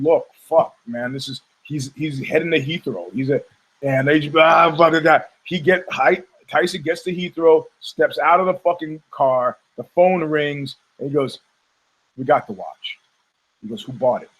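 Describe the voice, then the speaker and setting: An American man hosting his own talk show, spinning a long, profane anecdote and slipping into the voices of everyone he quotes. His voice sits a little high for a man, with a husky, breathy edge. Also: poor audio. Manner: profane, animated storyteller acting out quotes. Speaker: podcast host. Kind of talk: casual storytelling.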